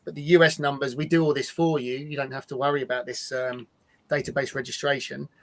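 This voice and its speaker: A man presenting a live-streamed software demo, talking casually and repeating words as he restarts sentences. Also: mid-range voice, level tone, brisk.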